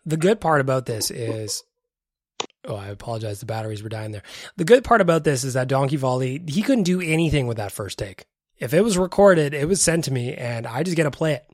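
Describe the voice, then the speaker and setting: A man's voice: mid-range voice, animated, fairly quick, a little mellow, no room sound, clean studio sound. A man hosting a casual podcast, reacting to listener voicemails with laughter, swearing, and effusive thanks. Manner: profane, laughing, effusively grateful. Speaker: podcast host.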